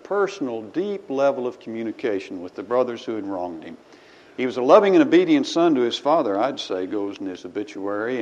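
A man's voice: medium pitch, darkish tone. Guy giving a folksy sermon in church, gets big reading scripture, kinda muffled recording. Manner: folksy, reads scripture with rising emphasis. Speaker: preacher. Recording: slightly dull recording with faint ambience.

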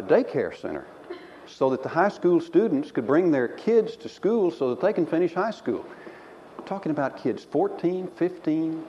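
Animated male preacher in a big hall. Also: mid-range voice, a little hiss or hum. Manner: animated storytelling, acting out voices. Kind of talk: sermon. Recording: dull sound in a reverberant hall.

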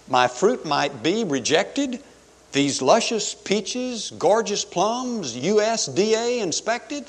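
A man's voice: sits high, big pitch swings, slow pace, pitched above the performer's own voice, full character voice. A man voicing Cain as a boastful, brash farmer, reciting his lines in a sing-song rhyming brag. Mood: defiant. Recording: long hall reverb.

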